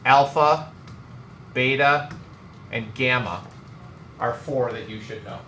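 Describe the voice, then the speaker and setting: A man's voice: mid-range voice, takes it slowly, bright, forceful tone. A man teaching a math class, joking and teasing his students as he works through problems. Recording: echoey classroom, some noise.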